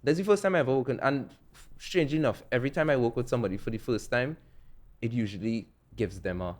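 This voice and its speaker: A man's voice: medium pitch, fast. A young man, telling stories in a laid-back way as a music producer on a podcast, laughing often. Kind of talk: casual interview chat.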